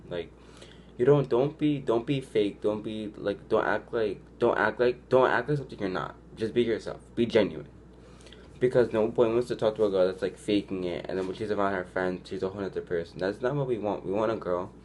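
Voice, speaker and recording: A man's voice: on the low side, darkish tone, a little hiss or hum. A young man talking casually to his viewers, giving advice in a loose, chatty way, filling his speech with "like" and restarting sentences often. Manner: chatty, heavy use of "like", restarts, acts out quoted lines. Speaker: vlogger.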